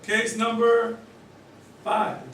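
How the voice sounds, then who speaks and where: A rabbi with a fairly high voice leads a study session through stories, acting out each character's lines. He keeps asking his listeners to work out the answers. He is recorded from a distance in a very echoey indoor hall, with faint background noise. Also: drawn-out words. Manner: animated storyteller who acts out the characters' quoted lines; quizzes listeners with questions and chuckles. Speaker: rabbi teaching a study group. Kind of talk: lecture told through story cases. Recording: very echoey room, voice from far off.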